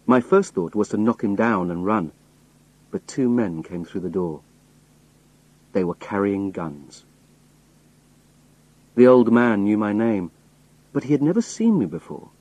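A man reading a novel aloud in first person with slow, careful, expressive storytelling. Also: lowish voice, husky, dry recording, rough recording. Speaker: audiobook narrator.

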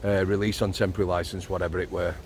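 Middle-aged yorkshire bloke, low voice, blunt matter-of-fact storyteller, out walking at night, a bit of background hiss. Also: male voice, level tone, rapid-fire. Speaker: former prison officer, channel host. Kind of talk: casual storytelling on a night walk. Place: outdoors at night.

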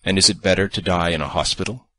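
A man's voice: low voice, fast talker, a bit bright, pitched above the performer's own voice. A man reading an audiobook voices a sullen young woman who gives short, harsh, abrupt replies. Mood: curt, defensive.

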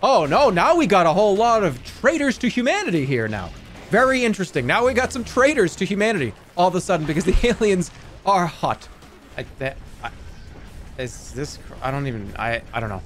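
A man's voice: sits high, big pitch swings, a little fast, a bit bright, soft background music. A man streaming a game, chatting casually, swearing and flying into frustrated outbursts. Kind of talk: casual gaming stream chat.

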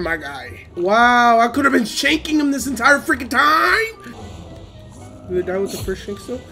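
An excitable young man narrates his gaming session, his pitch leaping all over as he swears and shouts at the screen. He talks into a headset, with game music playing behind him. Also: creaky. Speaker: gamer. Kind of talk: gameplay commentary.

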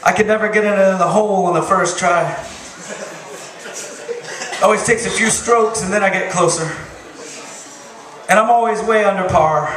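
Male stand-up, high-pitched, deadpan and crude; distant, echoey bar recording. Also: noisy background. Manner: deadpan one-liners, profane. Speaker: stand-up comedian. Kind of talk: stand-up comedy set. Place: bar stage with crowd. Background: audience laughter.

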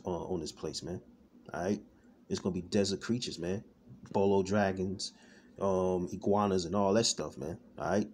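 A deep, darkish voice comes through with a little hiss or hum. The speaker is a man preaching street-style in an informal online sermon, rambling loosely and repetitively with plenty of "man" and "all right," often pausing to restart while he searches for words.

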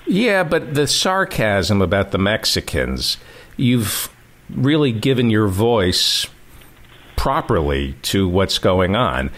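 Male host, deep-ish voice, lively up and down, teasing his guest. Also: slow pace. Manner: teasing provocative questions. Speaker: podcast host. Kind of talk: casual interview.

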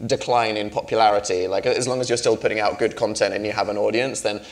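A man's voice: fairly low pitch, steady tone, quick pace. A man in his twenties, a guest on a festival stage, talking in a chatty, wry way with many restarts. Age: 20s. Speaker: panel guest. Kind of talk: onstage conversation. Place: festival stage before an audience.

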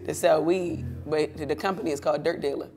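Animated woman with a gravelly edge. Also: brisk, crowd noise. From Baltimore, USA. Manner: animated, profane, pitching ideas with emphasis. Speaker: guest, business owner. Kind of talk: casual comedic banter.

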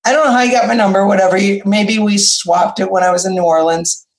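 A woman's voice: medium pitch, quick pace. Effusive, rambling woman guest in a roomy room. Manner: animated storyteller, rambling and effusive. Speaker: guest musician. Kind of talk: casual interview chat. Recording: roomy echoey room sound.

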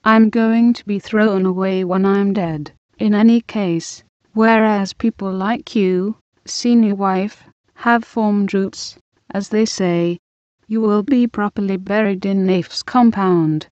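A woman voicing a defiant, bitter young wife, reading slowly and evenly in a dull, dry recording. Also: medium pitch, fairly even intonation, a little mellow, no echo, lightly acted.

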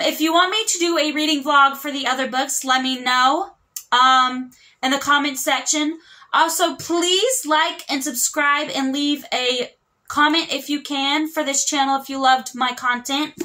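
A woman's voice: sits high, bright, forceful tone. A young woman chatting casually as a book vlogger, rambling with lots of fillers and restarts. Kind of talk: casual chat.

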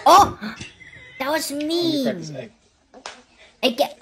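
A woman hosting a reaction video, excitable, gasping and laughing with constant exclamations over the clips. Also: high voice, extremely slow. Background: clip sound and music playing.

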